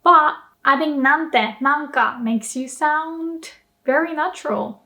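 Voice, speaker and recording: A woman's voice: sits high, unhurried, sharp tone. Playful woman teaching a casual lesson. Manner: playful, laughs often while explaining; switches into acted emotional example lines. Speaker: language teacher.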